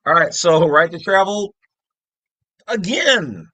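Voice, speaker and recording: A middle-aged man hosts his own channel, talking casually over a screen in a high, animated voice that's slow, pushed and bright, with a little hiss or hum in the recording. His explanations ramble, full of jokey asides, and he keeps interrupting himself.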